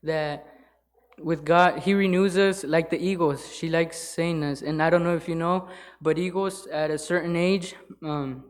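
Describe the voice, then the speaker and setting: Halting, slightly high-voiced man preaching. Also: fairly even intonation. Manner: halting, with many fillers and restarts. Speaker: lay church speaker. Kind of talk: informal sermon. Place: church sanctuary.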